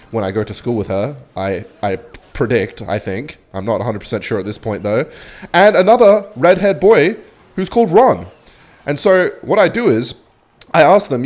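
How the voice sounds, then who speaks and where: A young man with a London accent, casually telling a comic, swearing story while playing a game, with quick jumps in his voice. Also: medium pitch, a little mellow. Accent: London English. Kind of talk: casual storytelling over gameplay.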